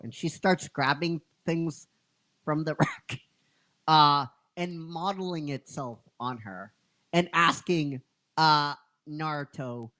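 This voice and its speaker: A man's voice: a little high, takes it slowly, sharp tone. A man casually retelling a fan-written story, rambling, laughing often and teasing his cohost. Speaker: storyteller narrating a fan script.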